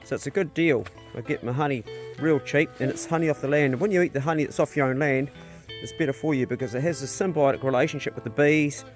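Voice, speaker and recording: A man with a New Zealand accent, chatting upbeat about his homestead garden outdoors as he films a vlog. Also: medium pitch. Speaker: homesteader vlogger. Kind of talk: casual vlog narration.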